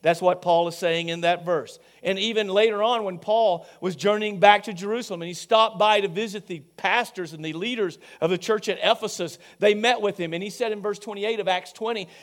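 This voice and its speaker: A male pastor preaching a sermon, emphatic, asking the congregation questions and swinging between loud peaks and quiet low passages. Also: steady tone, a little fast, hardly any pauses.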